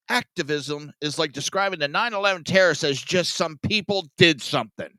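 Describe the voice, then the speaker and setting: A man hosting a political commentary podcast, sarcastic and profane, sighing and swinging between loud outbursts and mutters. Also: a little high, expressive, a little fast, few pauses, no room sound. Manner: sarcastic, profane, self-mocking. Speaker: podcast host.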